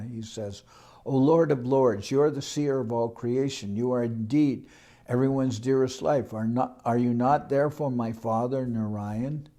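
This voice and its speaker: A man reading verses slowly and then explaining them in a casual, conversational way. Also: medium pitch, a little mellow. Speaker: scripture reader and teacher. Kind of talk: scripture reading with commentary.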